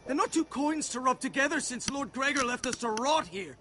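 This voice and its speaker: A man's voice: very high-pitched, animated, brisk, background noise. An actor voicing a desperate male soldier accused of theft, pleading and bitter, in a video game.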